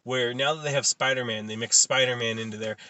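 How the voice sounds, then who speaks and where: A man's voice: mid-range voice, fairly even intonation, quick pace, pushed and bright. A man co-hosting a casual pop-culture chat, opinionated and cynical in his takes. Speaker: podcast co-host.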